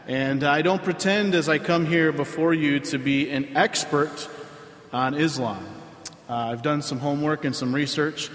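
A pastor preaches a sermon to his congregation in a relaxed, conversational way, pausing often on fillers. His voice sits a little higher than most men's. The recording has a roomy church-hall sound with a long reverb trailing each phrase. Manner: conversational, with frequent filler pauses. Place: church sanctuary.

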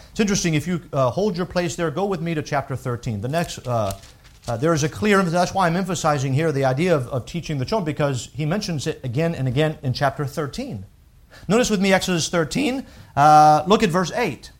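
A man preaching a sermon, reading scripture aloud and explaining it earnestly, swinging between raised and hushed delivery. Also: a little high, expressive, fast talker. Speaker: pastor.

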